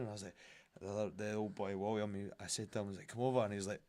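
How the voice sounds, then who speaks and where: Scottish young man, low and easygoing. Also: fairly even intonation, rapid-fire, a little mellow. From Scotland. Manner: rambling storyteller, broad colloquial talk. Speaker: guest, fighter. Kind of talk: casual podcast chat.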